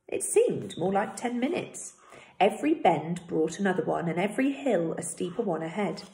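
A woman teacher reading a novel aloud to her pupils in a steady, expressive voice. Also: fairly low pitch, moderate pace. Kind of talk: read-aloud storytelling. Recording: roomy echo.

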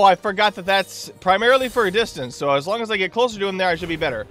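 A man's voice: high-pitched, quick pace, few pauses, faint music behind. A man hosting a gaming channel, giving let's play commentary, talking to himself and the enemy, with sudden whoops and yelps while fighting. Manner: excitable, yelps and whoops during combat; talks to the boss and himself.

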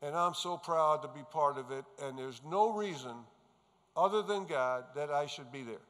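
A man's voice: fairly high pitch, moderate pace, a bit bright. A man from New York giving an earnest, emphatic testimony speech to a gathering of pastors, telling his story as he goes. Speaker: conference speaker. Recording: reverberant hall sound.

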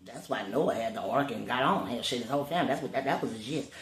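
A man's voice: mid-range voice, expressive, quick pace. Profane, rambling man preaching casually. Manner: profane, rambling preacher-like talk with loud bursts. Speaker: vlogger. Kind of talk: casual spiritual monologue. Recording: roomy with faint ambience.

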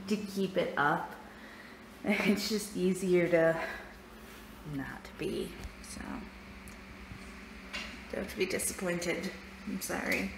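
A woman talks at an unhurried pace in a casual home vlog, chatty and quick to laugh. Her voice bounces around a roomy space, and steady background noise sits clearly under it. The mic is a home camera. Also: fairly low pitch. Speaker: family vlogger. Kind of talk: casual daily vlog chat. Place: at home, indoors.

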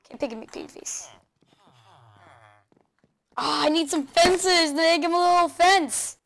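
A woman hosting a video game let's play, excitable, chattering to the game animals and laughing often. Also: very high-pitched, unhurried. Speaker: gaming channel host.

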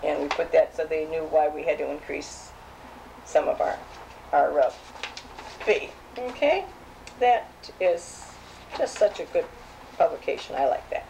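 Gravelly older woman reminiscing. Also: low-pitched, measured pace, long pauses, mellow, slight background noise, rough recording. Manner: chatty, hesitant, with frequent restarts. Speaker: safety program founder. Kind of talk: reminiscing while reading old clippings aloud.

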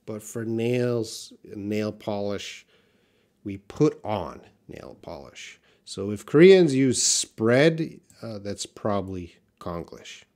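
A middle-aged man from Canada with a light Canadian accent, answering viewers' questions in a live English lesson and thinking aloud with many pauses and restarts. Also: lowish voice. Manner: relaxed, thinking aloud with frequent uhs and restarts. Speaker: English teacher.

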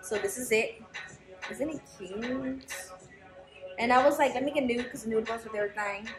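A woman's voice: a little high, a little slow. A young woman chatting frankly to camera in a vlog, swearing freely as she tells her story. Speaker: vlogger. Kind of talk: casual chat to camera. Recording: roomy echo with background music.

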